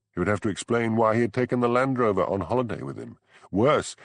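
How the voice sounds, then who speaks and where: A man reading an audiobook narration in a measured, expressive storytelling manner. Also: sits low, no room sound. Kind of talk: scripted narration.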